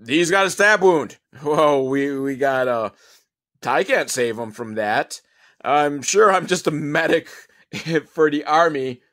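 A man's voice: on the high side, lively intonation, slow pace, fairly bright tone. A man voicing a lazy male army medic who sounds whiny and exasperated.

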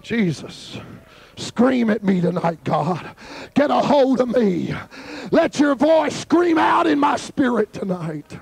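High-voiced gravelly man preaching fervently. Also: very animated, slow pace. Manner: fervent, shouting in bursts. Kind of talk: Pentecostal sermon. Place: youth camp service.

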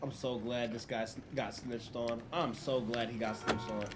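A man's voice: medium pitch, flat delivery, moderate pace, noisy background. A man streaming a roleplay game, chatting casually, swearing freely and explaining rules to other players. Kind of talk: casual livestream chat.

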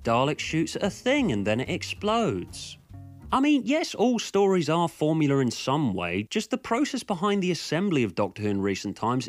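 A man's voice: medium pitch, no echo, clean studio sound. A man doing sarcastic, self-mocking comedic commentary, swearing casually and slipping into storytelling. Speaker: video essayist.

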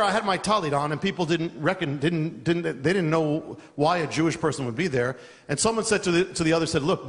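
A man preaching a sermon, telling a story with energy and laughing as he goes. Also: high-pitched. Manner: animated, laughing through a funny story. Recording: long reverb of a large hall.

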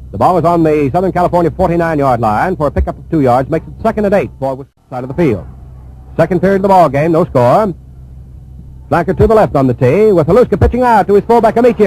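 A man giving live radio play-by-play of a football game, calling each play in a brisk, steady flow. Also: on the high side, a little hiss or hum, poor audio. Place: press box at a stadium.

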